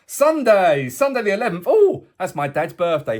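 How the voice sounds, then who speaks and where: A man's voice: high voice, big pitch swings, moderate pace, very noisy. A man presenting a casual weekly weather forecast vlog for a boat tour company, chatty and full of jokey asides. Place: indoors, away from the tour base.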